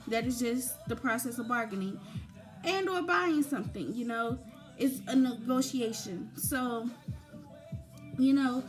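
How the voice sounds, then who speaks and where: A young woman giving informal, conversational advice about grief, with frequent fillers. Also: high voice. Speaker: grief talk presenter. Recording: faint background music.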